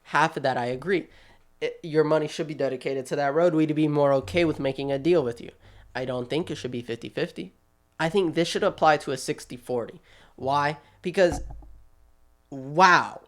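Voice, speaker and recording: A man hosting his channel, giving quick, chatty, animated commentary with a sassy streak, talking straight at the people he discusses. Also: on the high side. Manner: quick, chatty, restarts often. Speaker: channel host. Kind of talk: casual video commentary.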